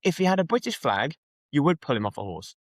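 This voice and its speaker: A man voicing an indignant Manchester man shouting at police, with a Manchester accent. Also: fairly high pitch, sing-song, fast, no echo, clean studio sound, voice pushed up.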